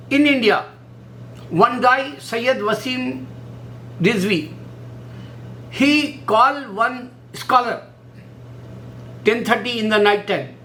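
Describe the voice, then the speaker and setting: A man speaking halting, repetitive in a casual monologue, full of fillers. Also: very high voice, pushed and bright, a little hiss or hum, low-quality recording. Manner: halting, repetitive non-native English with many fillers. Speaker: religious video maker.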